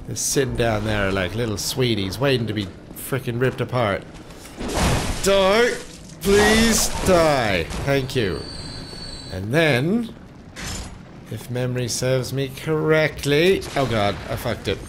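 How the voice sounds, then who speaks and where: A man doing let's play commentary on a game. He cusses at enemies and swings between loud outbursts and low muttering. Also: measured pace, background noise. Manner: swears and curses at enemies. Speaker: gameplay commentator.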